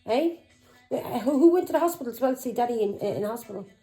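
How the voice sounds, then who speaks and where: A middle-aged woman, running a tarot reading vlog. Her tone is mellow and dark, but her delivery is furious and accusing, full of swearing and taunting questions. Faint music plays behind her. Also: on the high side, animated, fast, poor audio. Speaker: tarot reader.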